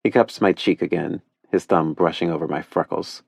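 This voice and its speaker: A man narrating a first-person romance audiobook in a hushed, intimate way, close to the mic. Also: low voice, fairly even intonation, moderate pace, gravelly, few pauses, no room sound.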